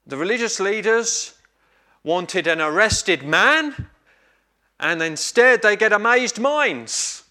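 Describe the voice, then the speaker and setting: A man preaching a sermon, telling a story in a measured, reflective way with pauses. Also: high voice, big pitch swings, pushed and bright.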